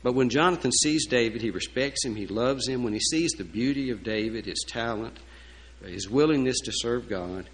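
A man's voice: mid-range voice, rough recording. A man preaching a sermon in a folksy, emphatic way, with asides and fillers. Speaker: pastor.

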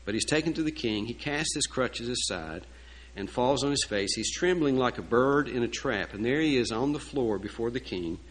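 A man's voice: medium pitch, animated, moderate pace, slight background noise, poor audio. Folksy storytelling male preacher. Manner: storytelling, folksy asides and rhetorical questions. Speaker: pastor. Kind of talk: sermon.

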